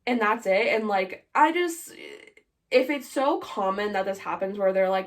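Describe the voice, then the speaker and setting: Young woman, mid-pitched voice, casual podcast co-host, blunt and chatty, lots of "like". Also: moderate pace. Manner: chatty, opinionated, heavy use of "like". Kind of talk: casual chat.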